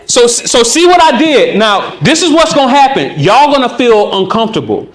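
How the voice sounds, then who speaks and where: A man teaching conversation skills at a live workshop, animated and acting out both sides of a chat. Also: very high voice, moderate pace, few pauses. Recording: echoey room.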